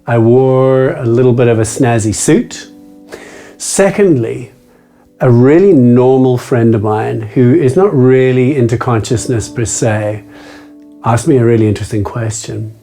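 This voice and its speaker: A man hosting a meditation video, talking casually to the camera, playful and self-mocking, moving between quick chatter and slow, deliberate phrasing. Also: medium pitch, dark tone, faint music behind.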